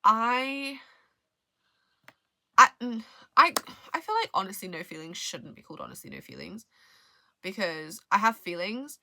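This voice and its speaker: A woman's voice: mid-range voice, huge pitch swings, measured pace, pauses often, bright, forceful tone. A young woman vlogging about books in casual chat, rambling, often trailing off and restarting her sentences. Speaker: book vlogger. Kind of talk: casual book review chat.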